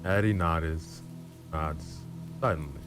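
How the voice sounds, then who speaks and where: Storyteller, male, very deep and intimate, dramatic reading over background music. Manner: low, slow, intimate. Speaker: storyteller streamer. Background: background music and rain.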